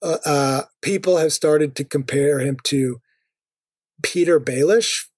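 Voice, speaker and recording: A man's voice: fairly high pitch, slow, a little mellow, slightly rough, no room sound, studio quality. A man co-hosting a podcast in casual chat, often laughing and filling his talk with "like" and "uh". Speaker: podcast co-host.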